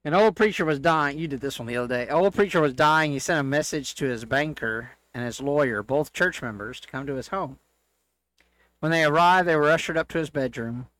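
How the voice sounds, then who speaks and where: A man reading church jokes aloud as a co-host, in a steady storytelling delivery. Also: on the high side, brisk, dry recording.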